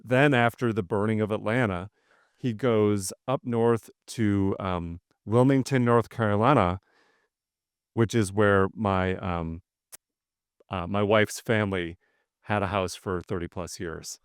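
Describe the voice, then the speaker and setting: A man's voice: fairly low pitch, steady tone, a little slow, clean tone, no echo, studio quality. A man from Wisconsin with a Midwestern accent, co-hosting a podcast and telling stories in a casual, enthusiastic chat. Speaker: podcast co-host.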